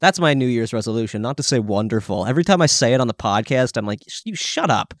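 A man's voice: medium pitch, expressive, quick pace, dry recording, clean studio sound. A young man co-hosting a podcast, chatting casually, swearing a lot and breaking into little sung jingles. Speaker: podcast co-host. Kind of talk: casual chat.

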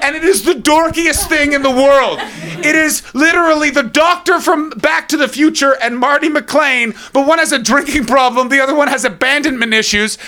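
A man doing live stand-up at a comedy venue on a stage mic, ranting fast and profanely and chatting with the crowd. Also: very high voice. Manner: rapid, profane, animated ranting. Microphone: stage microphone.

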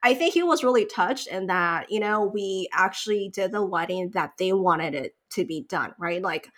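A woman in her thirties in casual chat, telling a long story in a lively way, full of likes and you-knows. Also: mid-range voice, moderate pace. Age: 30s.

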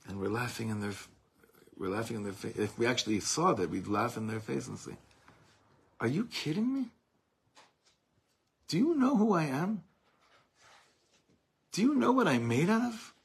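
A man's voice: mid-range voice, a bit bright, breathy edge. A man, a rabbi, giving an impassioned lesson, mixing Hebrew phrases into his English and swelling in volume at dramatic peaks. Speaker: rabbi teaching a class.

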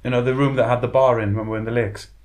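A man's voice: medium pitch, rapid-fire. A man, co-hosting a casual podcast chat and telling stories with frequent laughter. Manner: laughing storyteller, chatty and animated. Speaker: podcast co-host.

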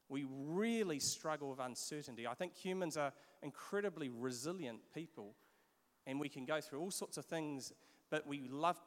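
A man in his forties with a New Zealand accent, preaching a sermon and telling stories in an animated way, with repeated restarts. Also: fairly high pitch. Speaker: pastor. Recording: long hall reverb.

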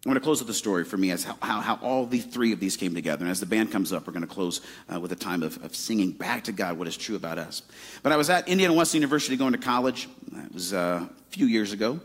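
Husky low-voiced man preaching casually. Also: lively intonation, quick pace. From Arizona. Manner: conversational preaching with many "like" fillers. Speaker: pastor. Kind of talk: sermon.

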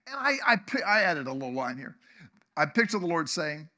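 Pastor guy preaching, high bright voice, keeps saying wow and repeating himself. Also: very animated, brisk. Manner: emphatic, exclamatory, repeats phrases. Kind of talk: sermon.

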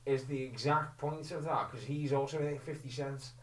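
A man's voice: medium pitch, steady tone, normal speed. A man arguing about films in a casual chat, dry and contrary. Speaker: co-host. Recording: roomy, distant mic with faint hum.

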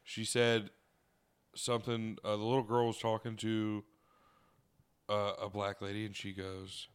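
A man co-hosting a podcast, telling stories in a casual, animated way, swearing and laughing as he goes. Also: lowish voice, unhurried, smooth. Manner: animated, swears often, laughs mid-story. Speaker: podcast co-host. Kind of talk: casual storytelling chat.

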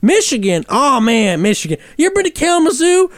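A man voicing a rambling, fishing-mad older Southern hillbilly uncle with a high, over-the-top twangy Southern accent, told as a story on a comedy podcast. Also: very animated, a little fast, slight background noise. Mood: excited.

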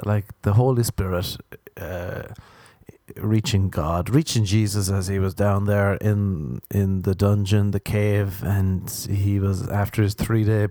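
A man's voice: lowish voice, a little mellow, no echo. A man hosting a podcast, rambling through comic stories about himself and laughing often. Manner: rambling, self-mocking storyteller who laughs often. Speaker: podcast host. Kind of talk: comedic podcast monologue.

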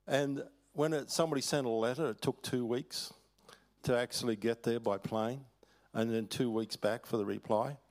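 An older Australian man gives a sermon at church, speaking in a folksy, storytelling way. His voice sits at an ordinary middle pitch. He often chuckles and stops to restart his thoughts. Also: fairly even intonation, measured pace, pauses often, darkish tone. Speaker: preacher. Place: church hall.

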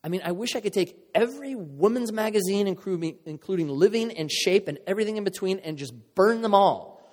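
Pastor guy preaching, earnest and chatty, a bit high voice, big echoey hall. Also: animated, fairly quick, a little mellow. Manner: earnest, conversational, emotional, with playful asides. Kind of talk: sermon. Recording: long reverb of a large hall.

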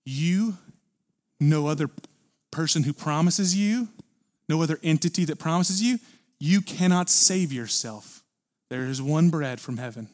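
A man preaching a sermon at a church service, earnest and building to forceful emphasis. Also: on the high side, unhurried, long pauses. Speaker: pastor.

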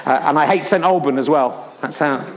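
A man voicing a rude, boastful snooker player who sulks and trash-talks the crowd, in a low drawl. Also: fairly quick, long reverb tail, background noise, lightly acted. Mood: sulky. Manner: rude, sulky trash talk. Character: boastful, bitter rival snooker player, male adult.

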